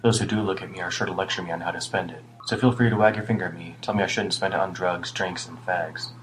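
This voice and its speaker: A man's voice: low-pitched, fairly even intonation, fast, background noise, lightly acted. A man voicing a weary, older homeless British man who rambles ruefully and reproaches himself. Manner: rambling, rueful, muttering at times.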